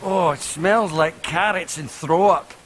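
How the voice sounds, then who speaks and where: Crude Scottish villain; high, slow, gravelly delivery over faint film music. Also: male voice, a bit bright, slight background noise. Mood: gleeful disgust. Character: gross obese Scottish villain, crude and gleeful. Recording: film clip with music behind.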